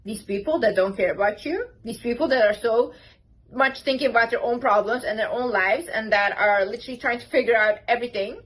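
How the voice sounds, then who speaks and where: This young adult woman speaks fairly quickly in a voice on the high side, captured in a low-quality recording. A vlogger, she gives chatty, emphatic confidence advice to the camera, packed with "like"s and "literally"s.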